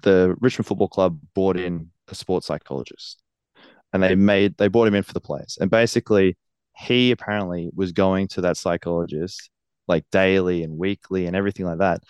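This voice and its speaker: A man's voice: deep voice, steady tone, moderate pace, darkish tone, smooth, no echo. A man, a professional wrestler speaking earnestly in a casual interview and laughing often.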